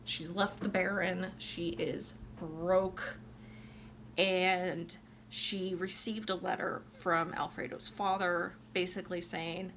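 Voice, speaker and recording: A woman's voice: fairly low pitch, level tone, takes it slowly, a bit bright, slight background noise. A tipsy woman casually retelling an opera plot in a loose, profane way, full of "like". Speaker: opera reviewer.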